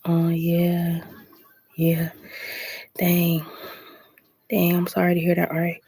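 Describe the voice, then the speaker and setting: A woman tarot reader chatting casually on a late-night live stream, talking low and soft and greeting viewers by name in a laid-back way. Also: completely flat delivery, takes it slowly, gravelly, breathy edge, dry recording.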